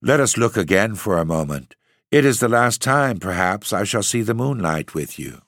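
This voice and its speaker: A man's voice: on the low side, sing-song, normal speed, fairly bright tone, no echo. A languid, dreamy young noblewoman, weak and mysterious, put on by a man reading a storybook aloud. She murmurs drowsily and half-whispers. The reading sounds close and dry. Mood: drowsy. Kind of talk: audiobook reading.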